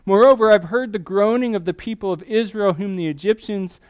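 A man preaching a sermon, reading scripture passages and unpacking them for his listeners. His voice sits a little high and comes through smooth and crisp. The recording is dry and close, with no room sound. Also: a little fast, no echo, muffled recording. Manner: reads scripture with rising emphasis on quoted pleas.

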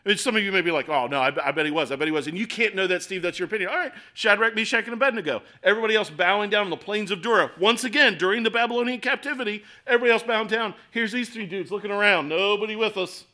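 A middle-aged man delivers a sermon in a chatty, animated style, acting out little asides as he goes. His voice sits a touch high and comes across bright and forceful. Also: rapid-fire, hardly any pauses. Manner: conversational, animated preaching with acted asides. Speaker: pastor.

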